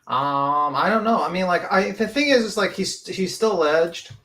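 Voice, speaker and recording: A man's voice: high voice, lively intonation, moderate pace, sharp tone. A man co-hosting a casual podcast, talking hesitantly with lots of fillers. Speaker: podcast co-host. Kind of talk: casual chat.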